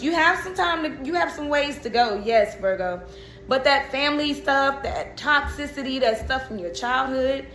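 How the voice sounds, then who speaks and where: A woman's voice: high voice, a bit bright, reverberant, a little hiss or hum. A woman giving a casual, chatty tarot reading who often laughs. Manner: chatty, laughs and breaks into song. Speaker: tarot reader.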